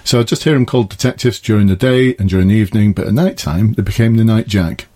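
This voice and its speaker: A man's voice: fairly low pitch, fairly even intonation, fast, mellow. A middle-aged former police officer hosting a podcast, chatting casually from his garden summer house and laughing at his own jokes. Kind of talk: casual advice talk.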